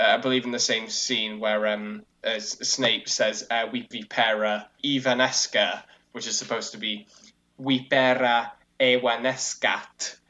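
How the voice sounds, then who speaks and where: A man co-hosting a casual discussion podcast, explaining at length in a rambling, animated way, full of fillers and restarts. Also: on the low side. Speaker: co-host. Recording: lo-fi dull audio.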